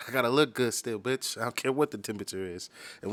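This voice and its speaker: A man hosting a reaction video, talking in a relaxed, joking, profane way. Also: medium pitch, fast talker, no echo. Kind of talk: casual reaction commentary.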